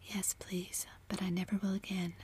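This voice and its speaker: A woman voicing a mischievous, boyish young married man as a whispered role-play, in a flat hush. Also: mid-range voice, moderate pace, breathy edge. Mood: playful. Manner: whispered, playful.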